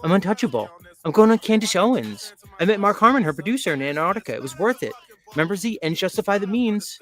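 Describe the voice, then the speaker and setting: A man's voice: sits high, big pitch swings, fast talker, soft background music, pitched above the performer's own voice. A man doing a smug boastful braggart. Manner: smug, dismissive, repeats "don't you know".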